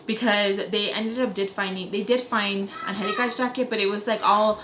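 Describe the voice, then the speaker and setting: A young woman vlogger telling a casual story in an animated, profane, rambling way. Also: mid-range voice, moderate pace. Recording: echoey room, faint noise.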